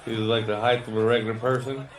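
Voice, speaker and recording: A man's voice: mid-range voice, little pitch movement, quick pace, reverberant, crowd noise. A male player in a tabletop game, laid-back and asking questions. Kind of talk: casual chat.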